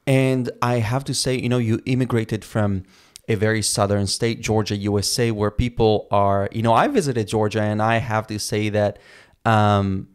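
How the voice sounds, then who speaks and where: A man, hosting a podcast interview in a relaxed, conversational way with plenty of fillers. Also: fairly low pitch, normal speed, clean tone. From Israel. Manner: conversational, chatty with many fillers. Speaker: podcast host.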